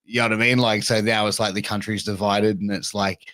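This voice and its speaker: Laid-back Australian guy, lowish voice. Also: flat delivery, fairly quick, fairly bright tone, dry recording. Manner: laid-back, slangy, says "bro" and "man" a lot. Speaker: guest podcaster. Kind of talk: casual podcast chat.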